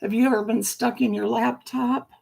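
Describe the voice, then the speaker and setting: A woman's voice: fairly high pitch, fairly even intonation, moderate pace, gravelly, mellow. An older woman chatting playfully on a livestream from home into a laptop microphone, greeting viewers by name. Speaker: livestream host. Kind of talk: casual livestream chat.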